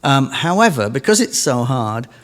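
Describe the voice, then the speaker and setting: A man's voice: mid-range voice, sing-song, moderate pace, in a large hall. A middle-aged English man, a guitarist, telling a rambling, self-amused story between songs at a concert. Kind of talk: between-song stage anecdote. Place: concert stage in a museum.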